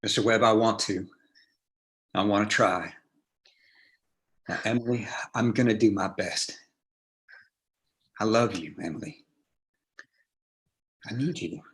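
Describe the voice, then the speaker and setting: A man's voice: fairly low pitch, slow pace, pauses often, fairly bright tone. A man reading the part of a nervous young bridegroom, earnest and pleading, in a staged play reading. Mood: tender.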